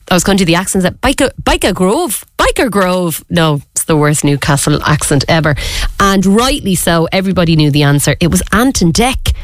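A woman's voice: fairly low pitch, no room sound. An Irish woman hosting a radio show in casual chat, chatty and rambling, often stopping to correct herself. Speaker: radio host. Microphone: studio microphone.

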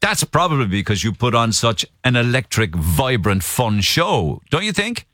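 A man's voice: medium pitch, sing-song, moderate pace, a bit bright, no echo, studio quality. A man hosting a radio interview, talking enthusiastically and plugging an upcoming gig. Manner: enthusiastic, promotional. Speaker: radio host.

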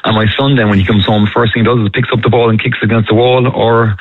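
Male caller, low and measured, tinny phone line. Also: little pitch movement, no room sound. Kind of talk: casual radio phone-in chat.

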